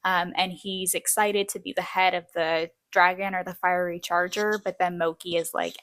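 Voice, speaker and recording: Chatty woman recapping a show, low and dry. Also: level tone, moderate pace, few pauses, fairly bright tone, no echo. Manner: chatty, acts out quotes, frequent "like". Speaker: video essay host. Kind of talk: casual show recap narration.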